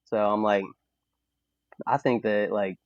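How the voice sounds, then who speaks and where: A young Southern man with a Mississippi accent, hosting a podcast in relaxed conversation. He talks with emphatic, animated energy and leans on "like" as a filler. The recording is dry and a little dull. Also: lowish voice, takes it slowly, no echo. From Mississippi, USA. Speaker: podcast host. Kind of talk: casual podcast chat.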